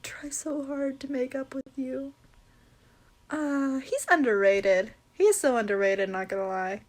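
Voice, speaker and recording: A woman chatting casually about her favorite anime characters, gushing and breaking into excited squeals. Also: high voice, moderate pace. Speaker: fan video creator. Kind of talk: casual fan commentary.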